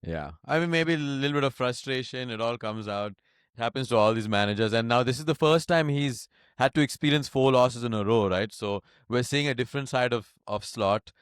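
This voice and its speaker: A man co-hosting a relaxed football podcast, with a smooth, resonant voice recorded close and dry. He talks in a measured, analytical way and laughs easily. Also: medium pitch, dry recording. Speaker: podcast co-host. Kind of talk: casual football chat.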